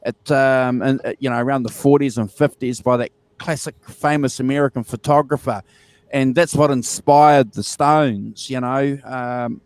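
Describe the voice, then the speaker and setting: A man's voice: mid-range voice, steady tone, moderate pace, dry recording. A man, co-hosting a casual album review chat, enthusiastic and repeating himself with many fillers. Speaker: podcast co-host.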